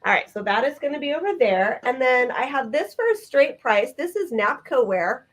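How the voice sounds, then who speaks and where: A woman's voice: sits high, lively intonation, normal speed. A woman co-hosting a live vintage sale, chatting enthusiastically as she describes items. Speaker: vintage seller co-host.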